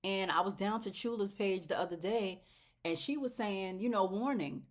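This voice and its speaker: A woman hosting a casual plant vlog, talking straight to her viewers in a chatty, heartfelt way, swinging between loud exclamations and soft near-whispers. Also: medium pitch, normal speed. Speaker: plant channel host.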